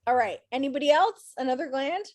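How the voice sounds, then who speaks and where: A woman leads an online class through a computer mic, chatty and upbeat with her students. Her voice sits a little high and sounds tired after a full day of teaching. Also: lively intonation, fast, a little mellow.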